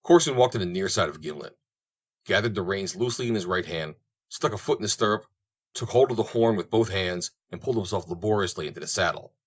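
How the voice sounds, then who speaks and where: A man narrating a western audiobook in a steady storytelling manner. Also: low voice, fast talker. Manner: steady storytelling, voicing each character.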